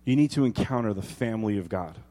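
A man in his thirties preaching a sermon, animated and joking, dropping to quiet emphasis and rising to loud exclaims. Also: on the low side, quick pace. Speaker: pastor. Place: church hall. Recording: long hall reverb.

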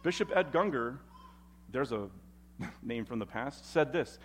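A man preaching a sermon as pastor at a church service, expressive and emphatic. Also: medium pitch, measured pace, a little hiss or hum.

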